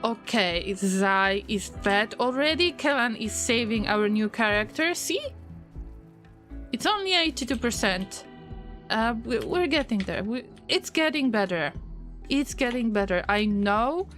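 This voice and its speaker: A woman streamer with a fairly high voice talks through her game at an unhurried, drawn-out pace. She frets aloud and speaks directly to her colonists, coaxing and scolding them as she plays. Faint music plays under her commentary. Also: expressive, a bit bright. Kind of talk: gameplay commentary.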